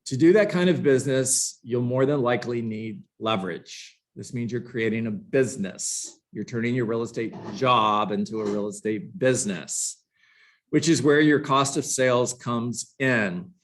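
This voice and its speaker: A man's voice: mid-range voice, normal speed. A man teaching a live book-study lesson to a room of agents, passionate and emphatic, with sarcastic asides. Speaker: real estate trainer.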